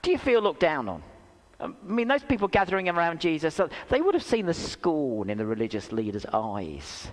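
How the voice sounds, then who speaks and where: A man's voice: on the high side, fairly quick. A man preaching a sermon in a church, telling stories with self-deprecating humour and asking rhetorical questions. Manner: animated storytelling with rhetorical questions. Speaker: pastor. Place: church hall. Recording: reverberant church hall.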